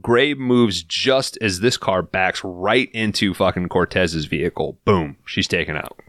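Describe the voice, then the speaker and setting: A man on a podcast recapping a film in casual, profane, animated storytelling, acting out the characters' lines as he goes. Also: deep voice, unhurried, no echo, clean studio sound.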